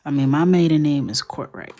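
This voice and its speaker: A woman hosting a coloring livestream, chatting and joking casually as she works, often dropping into a soft murmur. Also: low voice, lively intonation, fairly quick. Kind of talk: casual chat while coloring.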